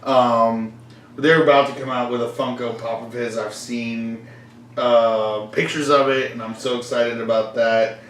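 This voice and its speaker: A man's voice: medium pitch, little pitch movement, a little slow. A young man casually chatting as a podcast host, rambling, laughing often and acting out the voices of people in his stories. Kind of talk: casual chat. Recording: echoey room from far off, faint noise.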